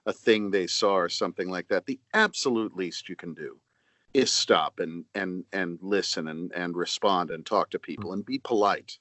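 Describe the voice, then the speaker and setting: Man, low voice, dry close mic, chatty guest, halting restarts. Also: fairly bright tone, no echo. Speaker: voice actor guest. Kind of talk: casual podcast chat.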